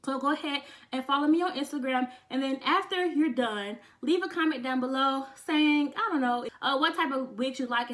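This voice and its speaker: A young woman vlogging, talking casually and sassily to her viewers, calling them honey and getting excited almost to tears. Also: fairly high pitch. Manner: sassy and chatty, says honey a lot; emotional, close to tears with excitement. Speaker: beauty vlogger. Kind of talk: casual chat to camera.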